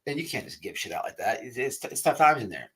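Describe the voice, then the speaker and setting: A man spins a long, rambling yarn to his livestream viewers, repeating himself and swearing freely. His voice is bright and forward at an average pitch. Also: very animated, fast, slightly rough, low-quality recording. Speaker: podcast host. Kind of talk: casual storytelling on a livestream.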